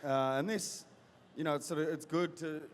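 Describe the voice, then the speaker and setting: A male actor chatting as a guest in an interview, talking in halting bursts full of fillers and restarts. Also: fairly high pitch, steady tone, a little hiss or hum. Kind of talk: casual interview chat. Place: convention event hall. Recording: reverberant hall with faint crowd ambience.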